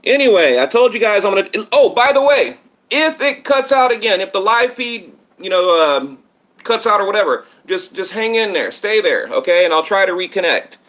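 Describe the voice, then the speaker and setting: A man hosts a casual boxing live stream from home, talking straight to his viewers and wandering between points as he reads their comments. His voice sits high and cuts through with a bright, tense edge. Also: very animated, moderate pace. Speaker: boxing channel host. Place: home setup in Texas. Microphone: tablet on live stream.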